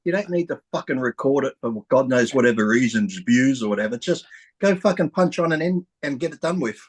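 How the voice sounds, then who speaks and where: A man's voice: medium pitch, lively intonation, fairly quick, husky. Blunt, swearing man. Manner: blunt, swears freely, ranting. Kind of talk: casual chat.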